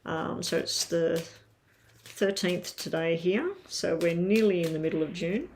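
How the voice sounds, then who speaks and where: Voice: medium pitch, unhurried, a little hiss or hum. A tarot reader doing a casual live-stream reading from home, chatting straight to viewers with lots of ums.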